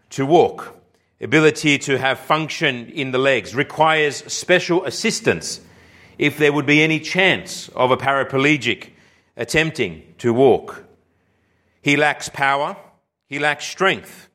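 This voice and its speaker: A man preaching a sermon, slow and emphatic, with deliberate pauses and key phrases that drop low and quiet. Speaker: pastor.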